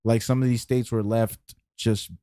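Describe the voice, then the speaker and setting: Podcast dude, mellow dark voice, rambly, lots of likes and you knows, dry mic. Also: male voice, mid-range voice, little pitch movement, measured pace, no room sound. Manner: rambling, filler-heavy, repeats words while thinking. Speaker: podcast co-host. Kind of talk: casual chat.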